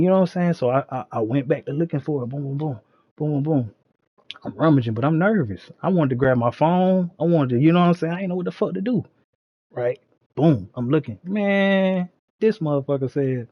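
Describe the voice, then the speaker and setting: A man on a live stream, telling a story in an animated, slangy way with lots of "you know what I'm saying.". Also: fairly high pitch, fairly quick, no echo, dull audio. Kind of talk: casual storytelling.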